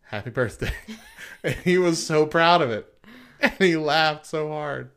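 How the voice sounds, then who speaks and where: A man co-hosting a relaxed talk show, full of jokes and quick laughs. He spins funny stories in an easygoing, casual way. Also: a little high, smooth. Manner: joking, laughs often. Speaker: co-host. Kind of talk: casual chat.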